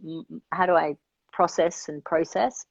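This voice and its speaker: A woman's voice: low voice, fairly even intonation, a little slow, creaky, no echo, highs cut off. A woman life coach speaking as a guest in an interview, earnest and reflective, thinking aloud and checking that the listener follows her.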